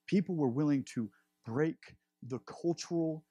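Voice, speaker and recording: Husky-voiced preacher man. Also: a little high, unhurried, dark tone, no room sound, clean studio sound. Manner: earnest, building emphasis. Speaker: pastor. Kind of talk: sermon.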